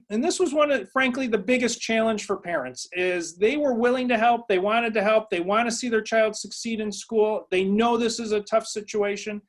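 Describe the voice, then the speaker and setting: A psychology professor giving a webinar lecture to educators, speaking conversationally with lots of uh and um fillers and telling stories from his own early work. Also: sits high.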